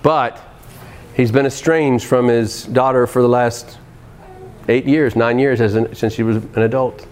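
A middle-aged man preaching an earnest sermon on parenting, with animated shifts in pace. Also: medium pitch, unhurried.

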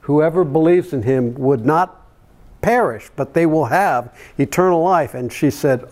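An older man preaching a sermon, telling homely family stories and chuckling softly now and then. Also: a little high, expressive, a little slow. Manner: homely anecdotes with frequent soft chuckles. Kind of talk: storytelling sermon.

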